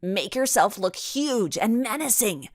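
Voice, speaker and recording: A woman's voice: lowish voice, big pitch swings, takes it slowly, a bit bright, no echo, full character voice. A cheeky, fearless young girl detective, voiced by a woman narrator, teases with a lifted, playful tone. The reading is dry and close. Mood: teasing. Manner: teasing and brave.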